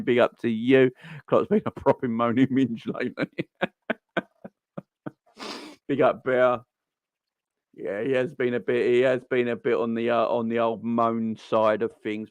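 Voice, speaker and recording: Excitable slangy man on a live stream. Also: medium pitch, no echo. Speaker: fan channel host. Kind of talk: casual live-stream chat.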